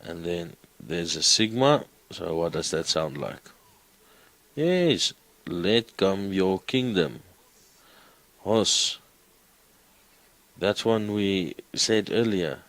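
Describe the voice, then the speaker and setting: A man's voice: low voice, sing-song, slow pace, pauses often, fairly bright tone, no room sound, low-quality recording. A man teaching a Greek class, coaxing students with questions. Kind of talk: classroom lecture.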